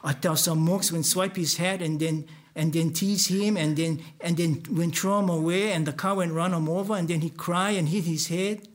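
A man reading a first-person story aloud in Hawaiian Pidgin. His voice sits a little high for a man, and he keeps his delivery plain and earnest. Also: steady tone, normal speed, hardly any pauses.

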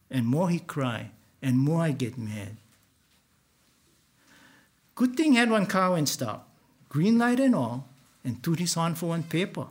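A man reading a first-person story aloud in Hawaiian Pidgin. His voice sits a little high for a man, and he keeps his delivery plain and earnest. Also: very animated, a little slow, long pauses.

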